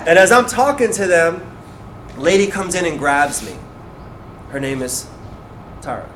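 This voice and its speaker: A man's voice: fairly high pitch, sing-song, unhurried, a crowd in the background. A man giving a live talk at a beauty school, telling a story and acting out the people in it, with lots of "like" fillers. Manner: acts out quoted dialogue, many fillers like "like". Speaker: guest speaker at a beauty school. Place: school hall, live audience.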